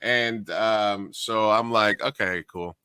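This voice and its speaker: A man co-hosting a casual podcast, telling an animated story and acting out the voices of the people in it. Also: on the low side, slow pace, smooth, no room sound. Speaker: podcast co-host and karaoke host.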